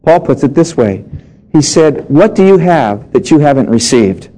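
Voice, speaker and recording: A man's voice: on the high side, lively intonation, normal speed, warm tone, poor audio. A middle-aged male pastor preaching a sermon, reading scripture and telling humorous personal stories.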